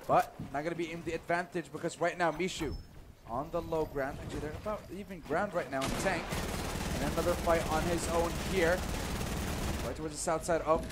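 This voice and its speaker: High-voiced excitable esports caster man. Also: fairly quick, heavy background noise. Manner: excitable, jokey play-by-play. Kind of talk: live game commentary. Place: live event venue.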